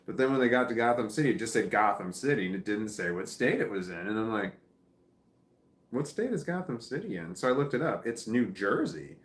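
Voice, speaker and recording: Tired low-voiced Missouri man rambling. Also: lively intonation, quick pace, few pauses, echoey room. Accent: American Midwest. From Missouri, United States. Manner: tired, rambling, reads comments aloud, chuckles often. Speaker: livestream host reading chat. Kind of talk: casual live chat.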